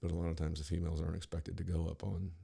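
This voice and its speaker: Gravelly deep-voiced man telling stories. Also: level tone, racing, mellow. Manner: profane, rambling, with frequent restarts. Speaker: podcast host. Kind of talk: casual storytelling monologue.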